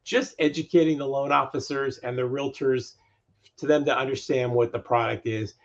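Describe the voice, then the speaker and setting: A man's voice: mid-range voice, fairly even intonation, normal speed, vocal fry. Emphatic man, slightly muffled audio. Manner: emphatic, drives points home by repeating phrases. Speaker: mortgage lending executive, podcast guest. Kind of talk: podcast interview conversation.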